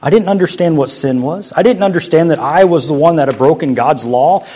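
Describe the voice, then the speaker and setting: Preaching as a youth pastor, a young adult man keeps things conversational and jokey, occasionally lowering to a quiet voice. He sounds a little high, husky, and brisk, on a muffled lo-fi recording.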